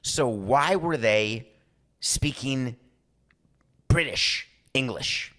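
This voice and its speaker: A man's voice: mid-range voice, very slow. A man hosting a sports talk podcast, giving opinionated monologues and acting out quoted voices. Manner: animated, acts out quoted voices. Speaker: podcast host.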